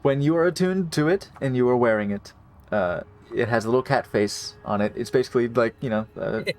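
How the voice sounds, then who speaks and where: A man's voice: medium pitch, a little fast, darkish tone. A man running a live tabletop game as dungeon master, talking in a rambling, laid-back way with lots of fillers.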